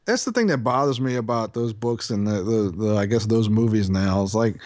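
A man's voice: fairly low pitch, expressive, a little fast, a little mellow, no room sound, clean studio sound. A man co-hosting a podcast, rambling bluntly and crudely in casual chat. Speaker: podcast co-host.

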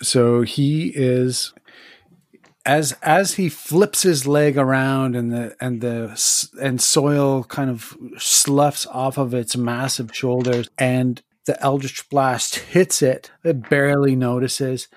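Male game master, unhurried, dry close sound, describes scenes with plenty of restarts. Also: medium pitch, fairly even intonation, no room sound. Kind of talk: narrating a tabletop game.

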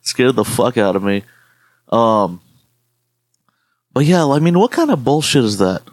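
A man's voice: medium pitch, sing-song, a little slow, no room sound. Swearing podcast guy, dry mic. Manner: swearing, rambling storytelling. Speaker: podcast co-host. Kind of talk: casual podcast chat.

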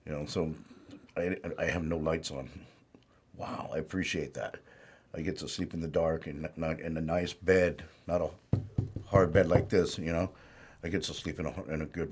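A low-voiced man, appearing as an interview guest, recounts his life story. He rambles in a plainspoken way, saying "you know" a lot.

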